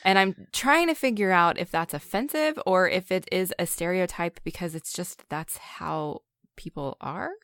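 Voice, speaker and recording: A woman's voice: fairly low pitch, normal speed, fairly bright tone, clean tone, dry recording, studio quality. A woman co-hosting a podcast who chats about a film, shares trivia and asks her co-hosts questions. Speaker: podcast co-host. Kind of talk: casual film discussion.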